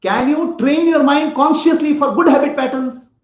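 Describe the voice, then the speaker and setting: Speaking at a moderate pace in a very high voice, a man delivers a spiritual talk built around a parable. He asks his listeners questions and laughs frequently, in the manner of a spiritual teacher. The sound is echoey, lo-fi, and slightly dull.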